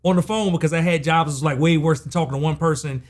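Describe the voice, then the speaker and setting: A man hosts a podcast in relaxed, casual conversation. His voice sits a little high for a man, and his manner is easygoing and jokey, with reflective moments. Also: quick pace. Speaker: podcast host. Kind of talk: casual interview chat.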